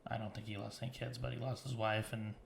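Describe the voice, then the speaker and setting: A podcast host with a gravelly voice chats casually, joking and laughing as he talks. A faint hiss sits behind him. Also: lowish voice, little pitch movement, fast talker, reverberant. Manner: jokey, laughs between words.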